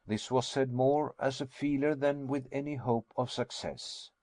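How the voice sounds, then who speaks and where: A man narrating an audiobook in a measured, even way. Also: medium pitch, no echo.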